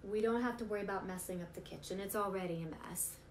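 A woman's voice: medium pitch, fast, natural voice. A woman voicing a careful turtle who follows the cookbook, with a plain, sensible manner, in a roomy recording with faint noise.

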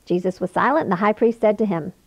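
A woman's voice: medium pitch, fast talker, no echo. A woman giving an earnest, emphatic Bible study lecture to a women's group. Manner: earnest, emphatic teaching with occasional laughs. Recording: dull lo-fi dry recording.

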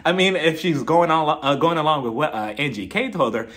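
A man's voice: a little high, a little fast, fairly bright tone. A man casually recapping a reality TV episode in a gossipy, chatty way, full of fillers like "like" and "I mean".

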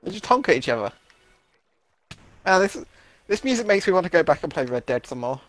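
Lively jokey man gamer. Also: high voice, fairly quick. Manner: jokey, musing asides. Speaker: charity stream gamer. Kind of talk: casual gaming chat.

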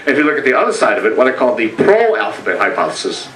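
An older American man giving a talk to a meeting. He tells stories, acts out quoted voices and pauses often. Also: mid-range voice, wildly swooping pitch, a bit bright. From United States. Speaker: speaker presenting a talk. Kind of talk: lecture to a meeting. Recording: echoey room, from far off.

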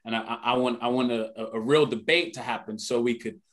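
This fast-talking young actor from the UK is a morning radio guest, and his casual interview is earnest and lively, sprinkled with "man." His medium-pitched voice holds a steady tone, and the setting is a radio studio.

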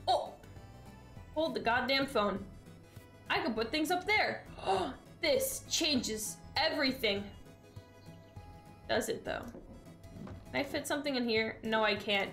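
A woman's voice: sits high, lively intonation, a little slow, pauses often, a bit bright, soft background music. A woman streaming a game in casual chat, exasperated and sarcastic, swearing freely. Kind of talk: casual live-stream chat while gaming.

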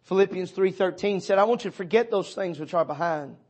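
A pastor preaching a sermon in church, speaking directly to members of his congregation, his delivery swinging from loud urging to hushed tones. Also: sits high, a little fast. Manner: addresses listeners by name as brother and sister.

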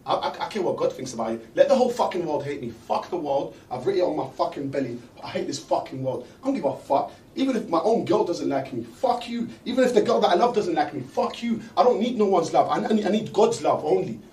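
Male streamer, aggressive profane shouter, high voice, echoey room. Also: animated, quick pace, few pauses, distant mic. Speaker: streamer guest in mock therapy. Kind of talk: loud profane ranting. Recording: roomy, off-mic, faint noise.

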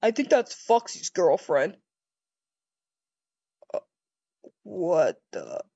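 A woman doing a first-person role-play over a game, excitable and easily startled, rambling with stammered restarts. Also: lowish voice, extremely slow, creaky, husky, no room sound, highs cut off.

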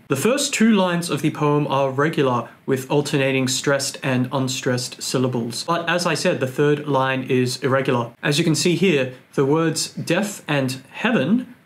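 An Australian man narrates a scripted lesson on poetry at a middling pitch. His delivery is clear and measured, with a dry, lightly joking tone. He sounds like a tutor walking students through a text. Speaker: English tutor explaining poetry.

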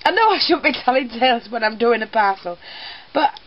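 A woman's voice: a little high, expressive, a little fast, lo-fi sound. An older woman, chatting through a craft unboxing video as she tells a school story and keeps breaking into giggles. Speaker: teacher and crafter. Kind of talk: casual craft unboxing vlog.

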